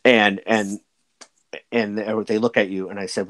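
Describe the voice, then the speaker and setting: A man's voice: lowish voice, level tone, a little slow, a bit bright, no echo. A man in his forties, a podcast guest, talking in a rambling way with many restarts and fillers. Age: 40s. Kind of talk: casual conversational interview.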